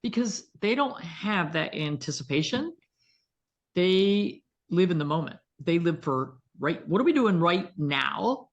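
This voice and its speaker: A woman veterinarian, a guest in an interview, telling stories in an animated, vivid way. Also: lowish voice, measured pace. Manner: animated, vivid storyteller who acts out quotes. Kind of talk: conversational interview storytelling.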